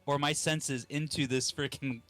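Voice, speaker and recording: A man's voice: fairly high pitch, fairly even intonation, measured pace, a bit bright, dry recording. A man playing a tabletop game, chatting casually and often laughing at himself. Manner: laughs a lot, self-mocking. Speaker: player.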